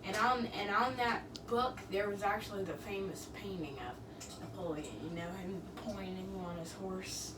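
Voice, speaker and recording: A young student in a home history lesson who chats casually and asks questions. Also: female voice, mid-range voice, steady tone, moderate pace, recorded from a distance. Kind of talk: casual chat. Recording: roomy, off-mic and noisy.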